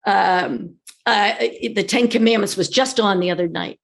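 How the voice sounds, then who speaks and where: A woman who is a podcast guest, telling lively childhood stories in casual chat and acting out the voices. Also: medium pitch, unhurried, vocal fry. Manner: animated, acts out voices in her stories.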